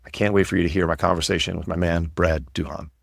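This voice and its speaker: A man hosts a podcast with a low, grounded voice and an upbeat, encouraging push. He rambles a little as he talks. The sound is dry and close, with no room around it. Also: flat delivery, racing, gravelly, no room sound. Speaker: podcast host and coach. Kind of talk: casual podcast talk.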